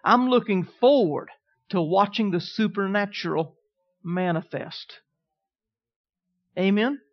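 A middle-aged man preaching a sermon in a high voice, telling stories and asking the room for amens. The recording is dull and muffled. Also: moderate pace. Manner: storytelling preacher, calls out "Amen?" to the congregation. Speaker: pastor.

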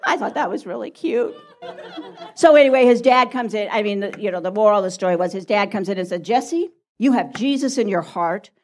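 A woman's voice: mid-range voice, fairly even intonation, fast, a little mellow. A woman telling a story at a church talk, acting out the voices and laughing often.

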